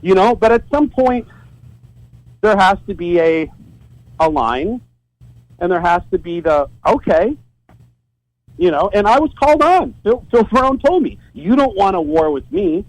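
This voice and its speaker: A man's voice: high-pitched, very animated, unhurried, pauses often, no echo, low-quality recording. A man telling a story as a guest on a podcast, casual and profane, often stumbling and repeating words as he starts a sentence.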